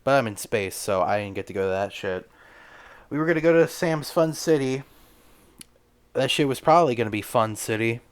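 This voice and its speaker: A man's voice: mid-range voice, expressive, moderate pace, clean tone. A man hosting a podcast, delivering a rambling, stammering comedic monologue full of crude jokes. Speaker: podcast host.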